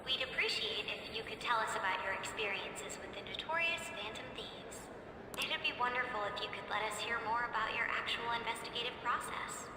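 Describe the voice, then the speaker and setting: A woman's voice: on the high side, lively intonation, brisk, background noise. A woman voicing a poised teenage girl who hosts a school panel and questions a guest with formal persistence. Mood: probing. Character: poised teen girl student council interviewer. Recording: echoey hall sound over game music.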